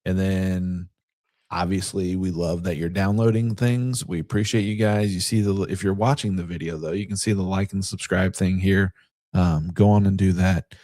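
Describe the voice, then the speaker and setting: A man's voice: sits low, steady tone, normal speed, mellow. A man co-hosting a casual sports talk podcast, telling stories in a chatty way with quoted asides. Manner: chatty storyteller who retells events with quoted asides. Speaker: podcast co-host.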